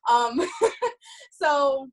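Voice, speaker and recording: Brief: woman with a New York accent, rapid and effusive, slightly high voice, video call. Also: low-quality recording. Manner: talks very fast, animated and effusive. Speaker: guest speaker. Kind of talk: casual motivational talk on a video call.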